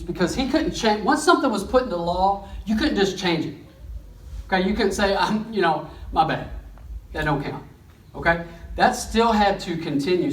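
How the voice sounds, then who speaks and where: A preacher leads a sermon, telling the story with lively, folksy asides and plain talk. The voice sits in the middle of the range. It rings through a roomy church, picked up from a few steps off. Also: mid-range voice. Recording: echoey church room, mic at a distance.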